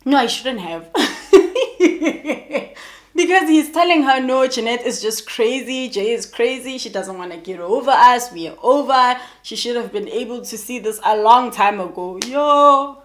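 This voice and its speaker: A woman's voice: on the high side, moderate pace, few pauses. Young woman, South African accent, casual storytime, chatty, keeps talking to her viewers. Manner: animated, chatty, addresses viewers as guys. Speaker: YouTuber.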